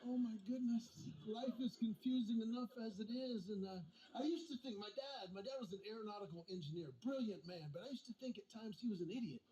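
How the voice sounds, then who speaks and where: A man's voice: sits high, a little fast, hardly any pauses, dark tone, reverberant, lo-fi sound, a little hiss or hum. A man in his forties doing a stand-up comedy set, telling family stories, acting out the voices in them and talking to the audience. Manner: storytelling, acts out quoted voices, talks to audience. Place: stage before a live audience.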